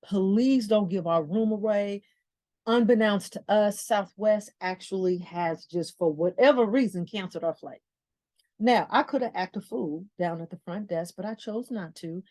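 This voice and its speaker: A middle-aged woman from the Bay Area hosts a motivational podcast with an animated storytelling manner. She acts out both sides of conversations and repeats phrases for emphasis. Her mid-range voice sounds close and dry, with no room around it. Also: medium pitch, normal speed, no room sound. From San Francisco Bay Area. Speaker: podcast host.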